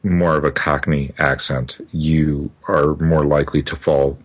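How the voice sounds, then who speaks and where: A man's voice: very deep voice, level tone, a little slow. A man with a Midwestern American accent, hosting a casual podcast chat and rambling with many fillers. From Midwestern US, Minnesota. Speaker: podcast host.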